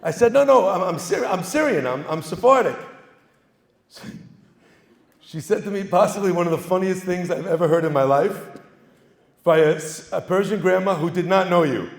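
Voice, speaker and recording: A man, a rabbi, giving a humorous talk to a live audience, telling stories with lively asides. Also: high voice, moderate pace, gravelly, pauses often. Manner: joking, storytelling, lively asides. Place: synagogue hall. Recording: echoey hall, live event.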